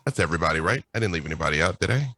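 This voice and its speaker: Man, guest game master, casual chat, animated storytelling, playful, bright voice, dry sound. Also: low voice, no room sound. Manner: animated and playful, quick bursts with laughs.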